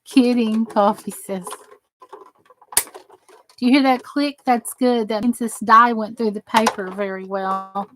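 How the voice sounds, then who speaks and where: She speaks slowly with long pauses, her high-leaning voice keeping a steady tone over a noisy background. This is the same Southern US crafter, rambling casually through a die-cutting machine demo and reading chat aloud as she works for her live viewers.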